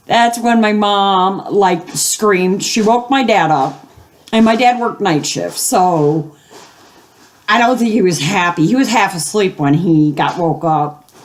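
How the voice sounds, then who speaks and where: An older woman with a medium-pitched voice speaks slowly, telling a long story casually at home. She rambles with fillers and acts out the voices of the people she quotes. She hosts gaming videos.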